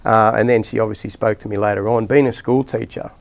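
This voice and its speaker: Aussie footy coach, middle-aged man, low voice with some fry, chatty and rambling, full of restarts. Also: fairly even intonation, fast talker. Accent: Australian. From Australia. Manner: rambling anecdotes with many restarts and fillers. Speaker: rugby league coach, podcast guest. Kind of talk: casual storytelling interview.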